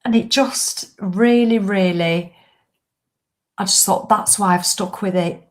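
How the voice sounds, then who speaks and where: A woman's voice: medium pitch, slow pace. A middle-aged woman, a fitness coach, talking straight to her followers in a casual live video with blunt, impassioned swearing.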